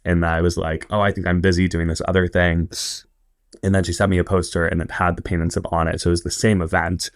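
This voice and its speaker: This Indiana man in his twenties speaks fast in a deep voice with little pitch movement, recorded dry at studio quality. As a podcast guest, he rambles through casual stories, full of fillers and quoted asides.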